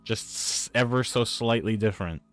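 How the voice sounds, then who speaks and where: A man's voice: on the low side, normal speed, faint music behind. A man with a Newfoundland accent, chatting casually on a live stream and arguing with viewers about his microphone. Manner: exasperated, arguing with chat about his mic.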